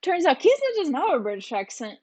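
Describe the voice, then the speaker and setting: A woman's voice: high-pitched, huge pitch swings, fast talker, a little mellow. A woman YouTuber rambling chattily through a casual vlog at home, with many fillers.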